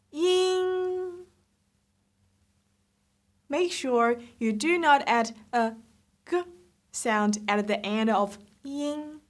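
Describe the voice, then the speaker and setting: A woman teaching Mandarin pronunciation, saying each syllable slowly and repeating it for the learner. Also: fairly high pitch. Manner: slow, drilled repetitions of syllables. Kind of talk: slow pronunciation lesson.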